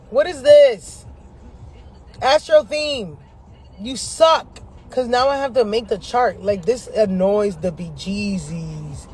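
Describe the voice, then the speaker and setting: An astrology vlogger with a high, slightly rough voice talks to the camera from inside his parked car. He spins animated, slangy stories laced with swearing, breaking into laughter often between lines.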